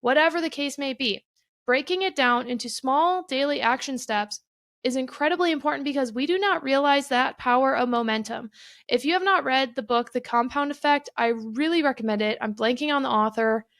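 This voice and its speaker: A woman's voice: high voice, a little fast, fairly bright tone, dry recording, studio quality. A young adult woman hosting her own podcast, talking candidly and casually on her own and swearing freely. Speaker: podcast host. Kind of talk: casual solo podcast monologue.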